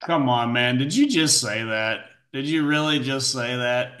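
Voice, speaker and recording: A man's voice: medium pitch, very animated, unhurried, a bit bright. A man reacting to a video with sarcastic, incredulous commentary. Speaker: commentary host.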